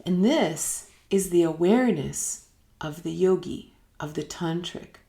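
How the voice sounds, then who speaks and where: A woman giving a reflective spiritual teaching in a live online session, musing and unhurried, sometimes dropping almost to a whisper. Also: fairly low pitch, expressive, vocal fry, mellow. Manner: unhurried, musing, drops to near-whispers at times. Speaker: meditation teacher. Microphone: live online broadcast.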